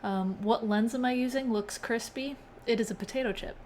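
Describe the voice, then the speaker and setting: A woman's voice: fairly high pitch, moderate pace, a little mellow, slight background noise. A young woman hosting a casual live-coding stream, chatting with viewers and often laughing. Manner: chatty, reads chat aloud, laughs often.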